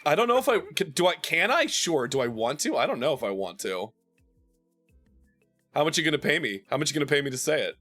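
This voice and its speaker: A man's voice: a little high, sing-song, quick pace, sharp tone, faint music behind. Tired, joking male streamer. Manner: joking, self-mocking, greets chat viewers by name. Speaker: streamer hosting his channel. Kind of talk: casual banter while streaming a game.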